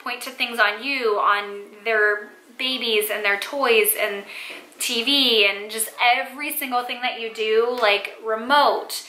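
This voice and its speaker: A woman's voice: a little high, steady tone, unhurried, sharp tone. A young woman, a mother, chatting casually to camera with lots of "like" and "um" fillers. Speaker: mom vlogger. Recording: echoey room.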